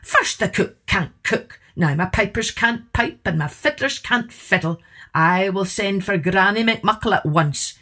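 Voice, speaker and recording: A woman voicing a grumpy, blustering king in a storybook, loud and dismayed. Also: medium pitch, lively intonation, measured pace. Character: grumpy blustering king, middle-aged man.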